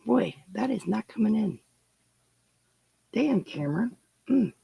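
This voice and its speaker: A woman's voice: mid-range voice, animated, measured pace, gravelly, mellow, slightly rough, no echo, low-quality recording. A woman hosting her crafting channel, chatting casually to viewers as she opens their parcels, gushing and giggling often. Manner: thinks aloud while unwrapping. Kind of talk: casual unboxing chat to viewers.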